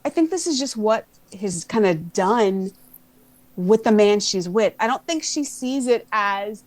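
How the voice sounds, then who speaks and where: A woman's voice: medium pitch, moderate pace, no echo. A woman co-hosting a podcast, chatting in an opinionated, gossipy way. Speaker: podcast co-host. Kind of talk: casual chat.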